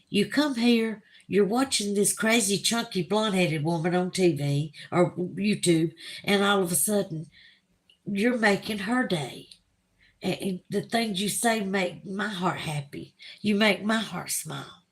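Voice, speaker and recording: A woman with a Southern US accent hosts a livestream, reading viewer comments aloud in a gushing, emotional, chatty way during casual live chat. Her voice is mid-range and her pace measured.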